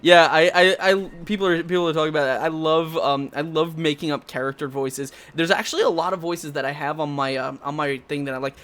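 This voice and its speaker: A man's voice: on the high side, fairly even intonation, fast, hardly any pauses, fairly bright tone, smooth. A man hosting a live tabletop talk show in casual chat, laughing often and restarting his sentences. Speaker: host.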